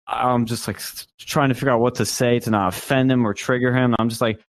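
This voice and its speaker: A man's voice: medium pitch, fairly even intonation, fairly quick, few pauses, no room sound. Dry-voiced young man telling a story. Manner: rambling, many fillers and restarts. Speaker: podcast co-host. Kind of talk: casual storytelling chat.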